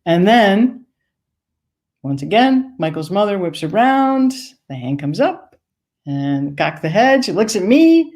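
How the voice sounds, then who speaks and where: A woman's voice: mid-range voice, sing-song, takes it slowly, darkish tone. A woman from Maine telling a wry, conversational personal story on stage. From United States, Maine.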